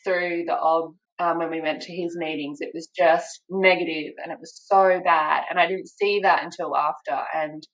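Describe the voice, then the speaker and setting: A woman's voice: low-pitched, fairly even intonation, normal speed, hardly any pauses, fairly bright tone, low-quality recording. A young Australian woman, a podcast guest, telling her story in a casual interview and acting out the people she quotes.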